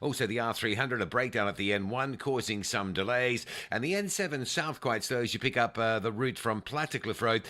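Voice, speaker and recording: Bright-voiced traffic reporter. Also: male voice, medium pitch, a little fast, hardly any pauses. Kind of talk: radio traffic update. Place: radio studio.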